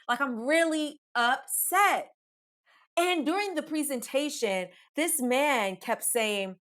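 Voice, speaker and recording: A woman's voice: sits high, slow pace. A woman telling a comic first-person story on her podcast, emphatic and profane, talking straight to her listeners. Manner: animated, emphatic, profane, addresses listeners as "y'all".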